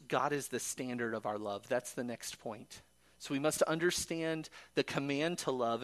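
A man's voice: mid-range voice, a bit bright. A man preaching a sermon in an earnest way, quoting scripture and building to emphatic peaks.

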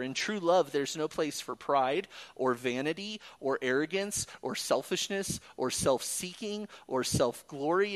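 A man preaching a sermon in an earnest way, quoting scripture and building to emphatic peaks. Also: on the high side.

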